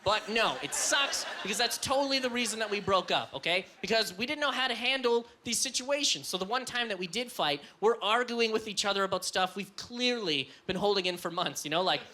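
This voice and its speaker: Loud, high-energy male comic. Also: expressive, a little fast, hardly any pauses, slight background noise. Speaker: stand-up comedian. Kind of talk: stand-up set. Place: comedy club stage.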